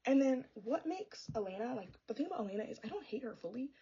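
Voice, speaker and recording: Brief: young woman book vlogger, husky, rapid-fire, sassy and exasperated, slightly dull lo-fi sound. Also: fairly high pitch, very animated, dark tone. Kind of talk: casual chatty book review.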